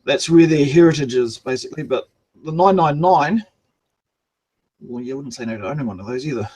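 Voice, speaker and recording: A man's voice: medium pitch, a little fast, a little mellow, slightly rough. A man with a New Zealand accent, a guest chatting casually and rambling through stories. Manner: rambling, self-deprecating storyteller. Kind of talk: casual podcast chat.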